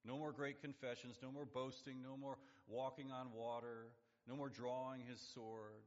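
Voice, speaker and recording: A man preaching a sermon, building up to emphatic high points and dropping to hushed, low lines. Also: level tone, moderate pace. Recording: lo-fi sound in a long-reverb hall.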